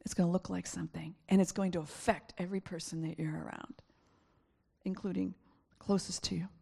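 A woman's voice: lowish voice, steady tone, fairly quick, vocal fry, mellow, slightly rough. A woman preacher giving a conversational sermon, acting out voices with laughing asides.

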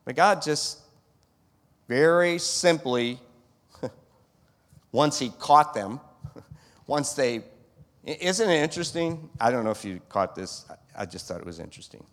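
Animated male preacher in a reverberant hall. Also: on the high side, measured pace, long pauses. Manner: animated, rhetorical questions, acts out scenes. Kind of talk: sermon.

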